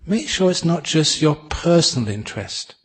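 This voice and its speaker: A man's voice: on the high side, lively intonation, moderate pace, husky. English man giving a humorous dharma talk. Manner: gentle, humorous storyteller who laughs at his own jokes. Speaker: Buddhist teacher.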